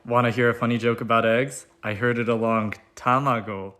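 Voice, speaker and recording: Young guy teaching with puns, playful, mid-pitched voice, phone mic. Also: steady tone, a little fast, a bit bright. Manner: jokey, playful, punny. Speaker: language teacher on short videos. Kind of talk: comedic short-form lesson.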